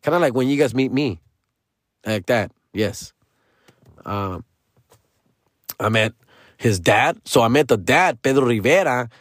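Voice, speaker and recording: Slangy storyteller, dry close sound. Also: male voice, mid-range voice, lively intonation, a little slow, pauses often, a bit bright, dry recording. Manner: slangy, rambling, peppered with "dog" and "fool". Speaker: stand-up comedian telling a story. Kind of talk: casual storytelling.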